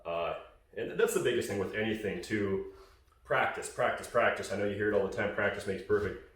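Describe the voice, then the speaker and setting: A man's voice: on the low side, fast, heavy reverb, far from the mic. A man casually explaining goose calling in a hunting call tutorial, rambling with fillers and restarts.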